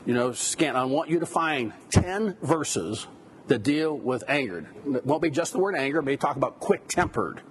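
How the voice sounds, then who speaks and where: Male lecturer, plain mid voice, casual teaching tone with rhetorical questions, faint hiss behind. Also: mid-range voice. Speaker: biblical counseling instructor. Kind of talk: classroom lecture.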